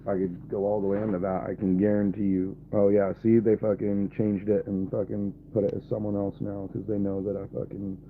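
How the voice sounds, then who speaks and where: Deep-voiced man, blunt and swearing. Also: little pitch movement, brisk, few pauses, slight background noise. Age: 20s. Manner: blunt and irritated, swearing often. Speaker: livestreamer. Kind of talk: casual live stream chat. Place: camper. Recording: tinny phone-like audio, faint ambience.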